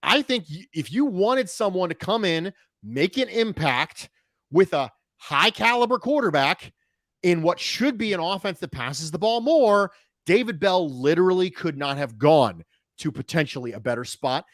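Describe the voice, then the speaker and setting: A man hosting a casual sports podcast, talking in an animated way with quick jokey asides. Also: sits high, no echo, studio quality. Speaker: show host.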